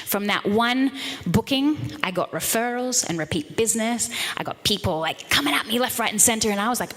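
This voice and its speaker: A woman in her thirties gives a motivational talk with a bright, forceful voice. She is energetic and playful and keeps talking straight to the crowd through a handheld microphone. Her words ring out with a long reverb from the hall. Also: fairly high pitch, brisk. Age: 30s. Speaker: motivational speaker. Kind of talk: motivational talk to a live audience. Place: event room with an audience.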